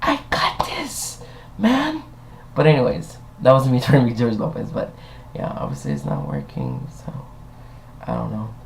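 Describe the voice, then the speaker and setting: Brief: young male vlogger, sassy and animated, swears, plays every part of the argument himself. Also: medium pitch, brisk, vocal fry, a little hiss or hum. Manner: acts out both sides of an argument with voiced quotes. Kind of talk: casual storytime rant.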